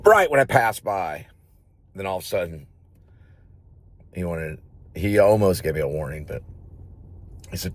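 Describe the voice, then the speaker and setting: Deep-voiced man rambling to camera. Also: unhurried, pauses often. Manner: rambling, repeats himself, animated storytelling. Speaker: actor and vlogger. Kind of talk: rambling casual monologue.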